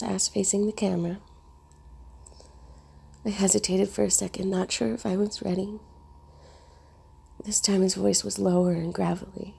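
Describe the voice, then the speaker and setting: A woman reads a first-person story in a hushed, intimate delivery. Her voice has a heavy gravelly fry and a husky, breathy edge. The tone is dark and mellow. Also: medium pitch, little pitch movement, moderate pace, long pauses. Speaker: narrator.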